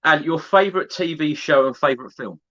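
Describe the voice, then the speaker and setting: A man's voice: a little high, fairly quick, sharp tone. A man hosting a podcast, putting brief, friendly questions to his guest and reacting in a few words. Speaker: podcast host. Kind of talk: interview questions. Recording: slightly dull lo-fi sound.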